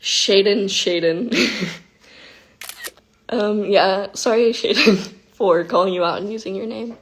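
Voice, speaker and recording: A woman hosting a casual phone livestream, telling stories in an animated way and saying "like" and "literally" a lot. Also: medium pitch, slow pace, a little hiss or hum. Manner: animated storytelling, heavy use of "like" and "literally". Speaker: vlogger hosting an Instagram live.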